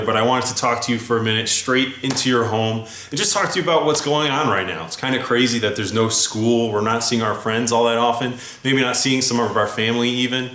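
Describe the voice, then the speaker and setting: A man who leads a church kids' program, telling a story and speaking warmly and encouragingly to children at home. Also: mid-range voice. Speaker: children's ministry leader. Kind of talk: storytelling and talking to kids. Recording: echoey room with music behind.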